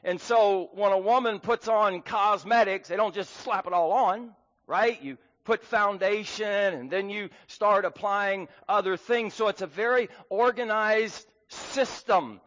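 A man's voice: sits high, measured pace, a bit bright. A man preaching a sermon as pastor, earnest and emphatic, with frequent fillers. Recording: dull sound with long hall reverb.

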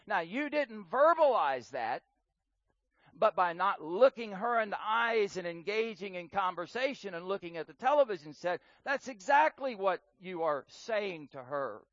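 A man preaching a sermon on marriage in an earnest way, repeating words for emphasis and swinging between loud and soft. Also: high voice, dry recording, dull audio.

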